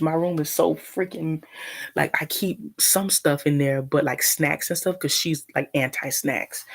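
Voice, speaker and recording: A woman's voice: low-pitched, gravelly, slightly rough. A woman telling a long, indignant story to her live-stream viewers at home, rambling with many restarts and eating as she talks. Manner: eating while talking. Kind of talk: casual storytelling.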